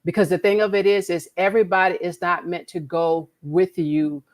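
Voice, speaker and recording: A woman's voice: fairly low pitch, level tone, moderate pace. A woman co-hosting a podcast, talking in an earnest, preachy way and repeating words as she makes her point. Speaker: podcast co-host. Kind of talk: casual conversation.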